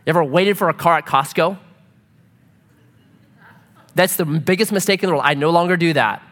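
A middle-aged man preaching a joking, animated sermon to a congregation. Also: on the high side, moderate pace. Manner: animated, joking, acts out quoted voices. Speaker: pastor. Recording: reverberant hall.

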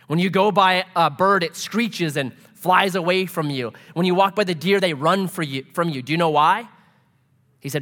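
A middle-aged man preaching a sermon in a relaxed, conversational way, mixing humor and personal stories. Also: sits high, moderate pace. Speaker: pastor. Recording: long hall reverb.

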